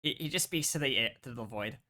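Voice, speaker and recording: A man narrating as game master of a tabletop role-playing game, halting and full of restarts. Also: medium pitch, animated, pushed and bright.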